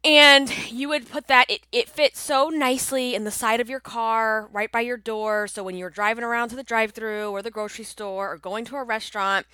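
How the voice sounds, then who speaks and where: A woman's voice: on the high side, steady tone, fairly quick, few pauses, bright, forceful tone, clean tone, no room sound. A woman hosting a casual solo podcast, chatty and upbeat, sounding congested from allergies. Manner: chatty, upbeat, laughs often. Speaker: podcast host and coach.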